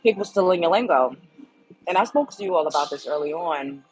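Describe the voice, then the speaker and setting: A woman's voice: fairly low pitch, expressive, fairly quick, darkish tone, faint music behind, rough recording. Candid, blunt woman telling a story. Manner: candid, emphatic, blunt, with swearing. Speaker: show host. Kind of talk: casual storytelling monologue.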